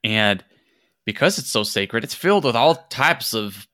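A man's voice: on the low side, expressive, unhurried, sharp tone, dry recording, studio quality. A man voicing a fussy, rambling 104-year-old man who guards a temple and talks in old-fashioned phrases.

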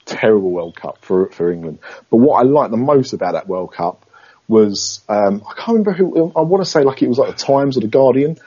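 A man co-hosting a podcast in casual chat, dry and teasing, with a husky voice. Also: medium pitch, lively intonation, brisk, dark tone, muffled recording. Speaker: podcast co-host.

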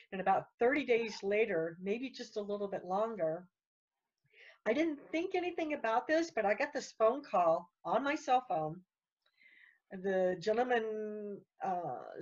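Woman, guest in casual chat, rambling, repeats herself, dull lo-fi sound. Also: mid-range voice. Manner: rambling, repeats words, talks fast when worked up.

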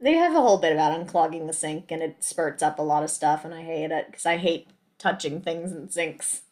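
A woman's voice: sits low, a little fast, a little mellow. Chatty woman podcast co-host. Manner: explains game trivia in a chatty, matter-of-fact way. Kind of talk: casual chat.

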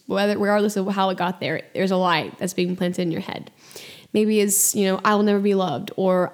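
Woman podcaster talking gently and earnestly, reflective faith chat, mid-pitched, lots of "like" and "you know". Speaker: podcast host. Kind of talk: reflective faith-based monologue.

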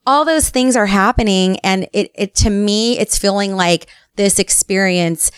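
A woman's voice: mid-range voice, unhurried, smooth, no echo, clean studio sound. A woman in her forties, a podcast co-host, talking about parenting in a chatty way, full of fillers and acting out her own thoughts. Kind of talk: casual chat.

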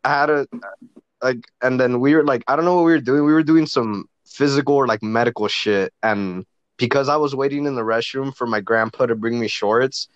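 Young dude rambling and swearing, sound kinda dull and dry. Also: male voice, mid-range voice, smooth, dry recording. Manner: halting, profane, restarts a lot. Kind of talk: casual chat.

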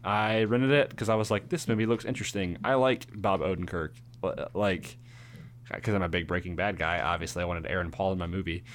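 An easygoing young man with a fairly low voice trades opinions on movies, agreeing readily and filling with "like." He sounds laid back throughout. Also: brisk. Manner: relaxed, agreeable, frequent "yeah" and "like". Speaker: movie review co-host. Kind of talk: casual movie review chat.

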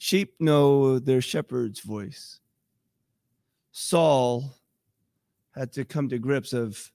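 A man's voice: medium pitch, drawn-out words, vocal fry, long pauses, darkish tone, no room sound, studio quality. A man preaching a sermon in a conversational way, often acting out quoted voices. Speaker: pastor.

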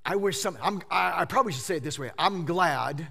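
A male pastor preaching a sermon, swinging between loud emphatic bursts and hushed lines, often repeating phrases for effect. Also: sits high, a little fast, creaky.

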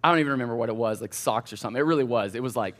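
A man, a college pastor giving a casual storytelling sermon in a church, chatty and animated as he talks straight to the crowd. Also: mid-range voice, racing. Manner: chatty, animated anecdotes addressing the crowd directly.

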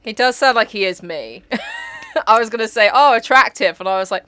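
A woman's voice: on the high side, huge pitch swings, moderate pace, a bit bright, no echo. A young woman who banters in jokey, sweary quips. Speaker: podcast co-host. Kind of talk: casual banter.

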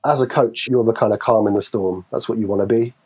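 A man with a Geordie accent chatting casually as a fitness podcast co-host, acting out quotes in sudden high voices. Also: quick pace, husky. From Newcastle, England. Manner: animated, acts out quotes with sudden high pitch. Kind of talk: casual chat.

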